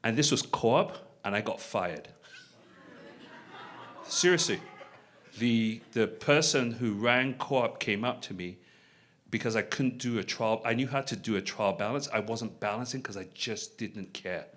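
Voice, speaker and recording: A middle-aged man with a somewhat low voice speaks earnestly to an audience. He tells a personal story in a reflective way, repeating his key points. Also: a little slow, fairly bright tone. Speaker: panel speaker. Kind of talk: personal story at a panel event.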